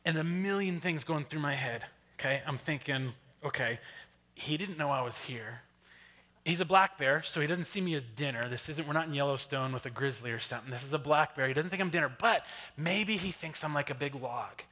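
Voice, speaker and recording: A man giving an animated storytelling workshop talk, often checking in with the audience. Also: fairly high pitch, brisk. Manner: animated, keeps asking "right?". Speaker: workshop presenter. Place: church hall. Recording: long hall reverb.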